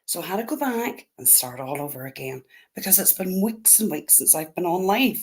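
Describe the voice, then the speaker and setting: A woman's voice: on the low side, lively intonation, brisk, a little mellow. A woman with a Northern Irish accent hosting a casual livestream, chatting and greeting her viewers one by one. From Northern Ireland. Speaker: livestream host.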